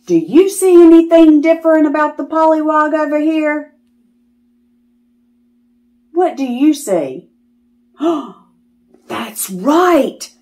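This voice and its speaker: A woman reading a picture book aloud to children, animated and delighted, stopping to ask them questions. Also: high-pitched. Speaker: children's storyteller.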